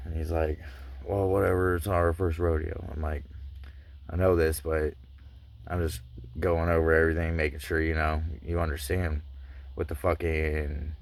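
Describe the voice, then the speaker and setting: A young man casually recounting a personal story in street slang, full of profanity, acting out what everyone said. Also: low-pitched. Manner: profane, street slang, animated retelling of dialogue.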